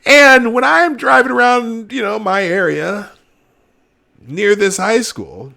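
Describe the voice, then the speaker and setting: His voice sits very high yet he takes it slowly, bright and forceful with vocal fry. He's a middle-aged Minnesotan hosting a live show, offering emphatic commentary broken up by laughs.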